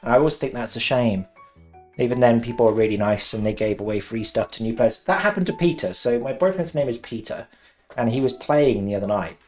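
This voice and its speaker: Male streamer, West Country origin; chatty, excitable gamer voice at an ordinary pitch over soft background music. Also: a little fast. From West Country, England. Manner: excitable, laughs often, swears. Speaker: game streamer. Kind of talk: casual live-stream chat while gaming. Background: faint cheerful game music.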